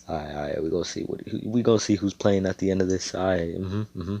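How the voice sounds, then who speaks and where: A man's voice: sits low, quick pace, gravelly, hardly any pauses, warm tone. A young man casually improvising a fan-fiction story, rambling with profane, jokey asides.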